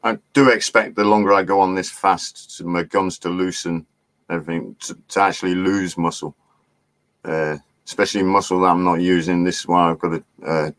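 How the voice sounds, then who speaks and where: Middle-aged man, very deep voice, casual rambling live-stream host, laughs and swears. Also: no room sound. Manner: chatty, laughing, swearing, distracted by chat. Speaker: livestream host.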